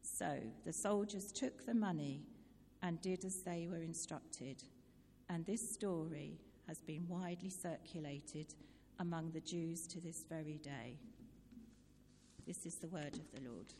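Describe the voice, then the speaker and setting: A woman reading a Bible passage aloud in church in a measured, formal way. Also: low voice, mellow, slight background noise. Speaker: scripture reader. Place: large church. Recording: long church reverb, faint ambience.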